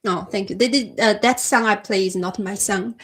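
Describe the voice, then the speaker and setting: A woman from China with a Chinese accent, hosting a casual livestream chat and answering viewers' comments in a soft-spoken way, often calling them her friend. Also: mid-range voice, moderate pace. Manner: soft-spoken, frequent restarts and laughs, addresses viewers as my friend. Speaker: livestream host.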